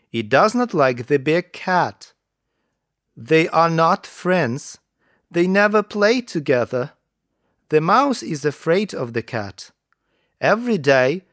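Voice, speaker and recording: A man reads children's stories slowly and carefully for English learners. His voice sits a bit high and moves up and down a lot. The sound is dry and close. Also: no echo. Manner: slow, careful reading with lively intonation. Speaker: narrator. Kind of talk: slow narration for English learners.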